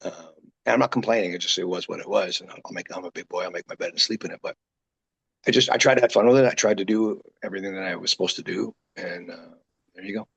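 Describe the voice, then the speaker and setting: A man with a raspy, deep voice, a guest wrestler telling rambling stories in a casual interview. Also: quick pace, muffled recording. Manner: rambling, animated, full of quoted asides.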